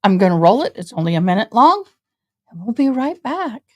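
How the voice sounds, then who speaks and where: A woman's voice: medium pitch, sing-song, a little fast, darkish tone. A woman from Tennessee, chatting casually to her livestream viewers from her home office, a little tired. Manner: chatty, addresses chat as y'all. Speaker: livestream host.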